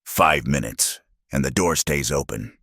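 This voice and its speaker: A man's voice: rumbling low, unhurried, a bit bright, no room sound, clean studio sound, exaggerated voice. A man doing a sneering bully sheriff. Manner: sneering, gruff.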